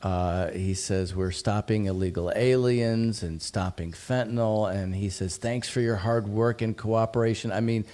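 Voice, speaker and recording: Male co-host, lowish voice, halting casual chat. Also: fairly even intonation, dark tone. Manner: halting, restarts often. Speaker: podcast co-host.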